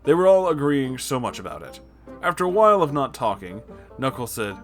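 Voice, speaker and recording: Man reading with a mocking, lively delivery. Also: medium pitch, fairly quick, soft background music. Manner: mocking asides, frequent laughter. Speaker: storyteller reading fan fiction. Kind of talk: comedic dramatic reading.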